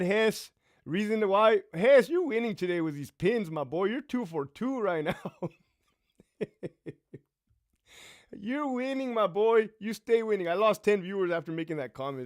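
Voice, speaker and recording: A man's voice: high-pitched, no room sound, clean studio sound. Profane, blunt male livestream host. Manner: acts out quoted voices while retelling. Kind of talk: casual livestream storytelling.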